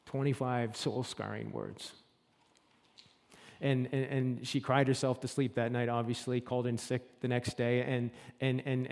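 A man's voice: mid-range voice, darkish tone. A man preaching a sermon, telling a story with repeated words and restarts. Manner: storytelling that builds to impassioned climax with frequent repetitions. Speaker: pastor. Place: church sanctuary. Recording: long hall reverb.

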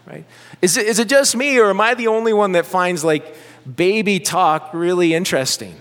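A man preaching a sermon in a church, animated and conversational, with joking asides to the congregation. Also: sits high, moderate pace, clean tone. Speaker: pastor. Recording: long hall reverb.

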